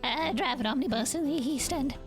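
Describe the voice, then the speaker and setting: A nervous old bus driver, played by a woman as a high, thin voice that keeps stumbling over its words. He hesitates and restarts each line like a man unused to being heard in court. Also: over music, lightly acted. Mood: hesitant. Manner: halting, stammering. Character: old working-class male bus driver.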